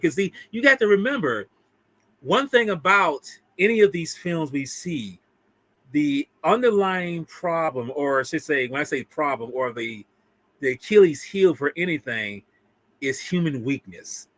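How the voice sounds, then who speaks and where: An animated man talking through a film in casual chat, his voice sitting a little high for a man. He swears freely and jumps into acting out lines as he goes. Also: moderate pace. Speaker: film review co-host.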